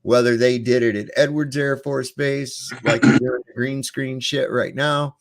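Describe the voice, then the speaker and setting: Brief: male podcast host, loose rambling storyteller, cusses freely, mid-pitched voice. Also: steady tone, measured pace, vocal fry. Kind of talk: casual podcast chat.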